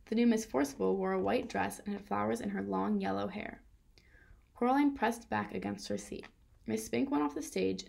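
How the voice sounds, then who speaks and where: A woman reading a children's novel aloud in a steady storytelling manner. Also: mid-range voice, creaky. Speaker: reader.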